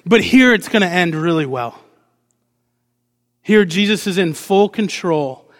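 A man preaching a lively sermon as pastor, asking the congregation rhetorical questions and acting out short quotes with playful energy. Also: high voice, a little slow. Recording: long hall reverb.

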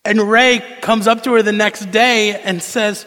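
Animated preacher with a bright, high voice. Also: male voice, a little slow. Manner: conversational, animated storytelling. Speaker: pastor. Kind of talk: sermon. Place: church hall. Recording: long reverb of a large hall.

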